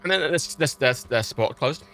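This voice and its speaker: A man's voice: mid-range voice, moderate pace. A British man on a livestream, ranting in an exasperated way and swearing heavily as he talks. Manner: exasperated, heavy swearing, animated.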